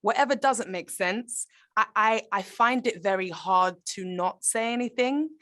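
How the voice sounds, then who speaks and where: A woman's voice: mid-range voice, a little slow, fairly bright tone. A woman, an actor, talking in a conversational interview, earnest and reflective, often restarting her sentences. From Britain.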